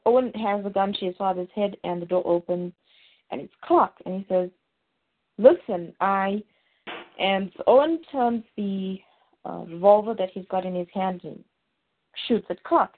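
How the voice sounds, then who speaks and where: A woman hosting a podcast, casually recapping a TV episode in a rambling way with plenty of fillers, heard over a tinny, phone-like line. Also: mid-range voice. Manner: rambling, full of fillers and restarts.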